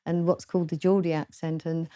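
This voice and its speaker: A woman from southern England with a southern English accent, a guest author in an interview, speaking hesitantly with many pauses and restarts. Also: low voice, little pitch movement, dark tone, no echo, clean studio sound. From southern England, London. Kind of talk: casual interview chat.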